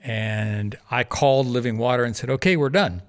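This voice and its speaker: A man being interviewed on a podcast, telling a lively anecdote and acting out the other people's lines with frequent laughter. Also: medium pitch, normal speed. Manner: animated anecdote-telling, acting out quoted voices, laughs often. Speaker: podcast guest, charity founder. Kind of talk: casual storytelling interview.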